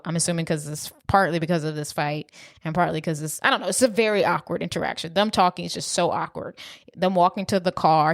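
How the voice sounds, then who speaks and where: Low-voiced young woman retelling a plot. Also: no echo, studio quality. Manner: relaxed storyteller, quick reactions and asides. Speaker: podcast co-host. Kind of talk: casual movie recap chat.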